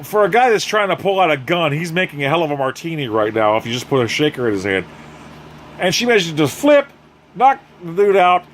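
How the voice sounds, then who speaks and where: A man's voice: on the high side, fairly bright tone, slight background noise. Sarcastic, profane male episode reviewer. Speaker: YouTube show reviewer. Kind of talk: casual comedic episode recap.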